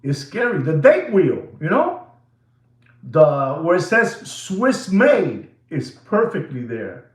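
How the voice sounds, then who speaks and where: At a slow pace and a fairly high pitch, he addresses the viewers of his watch channel in a theatrical rant. His excitable manner includes asides in Spanish, and the recording has an echoey, roomy sound.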